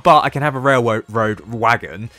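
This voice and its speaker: A man's voice: mid-range voice, moderate pace, pushed and bright, faint music behind. A young man with a southern English accent, chatting casually over game footage, often correcting himself and trailing off into fillers. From southern England. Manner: rambling, self-correcting, with frequent fillers. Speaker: Roblox YouTuber.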